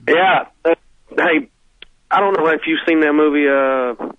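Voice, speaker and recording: A male caller from Arkansas talks in stumbling, angry bursts. His fairly high voice comes through a tinny phone line that sounds dry and close. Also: very animated, unhurried, creaky, dry recording.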